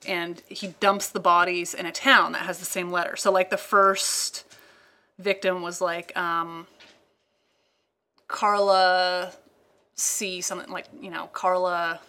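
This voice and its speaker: A woman's voice: lowish voice, level tone, slow, bright, forceful tone. An American woman telling a rambling story in casual chat, full of fillers and asides. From United States. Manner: chatty, rambling, lots of fillers.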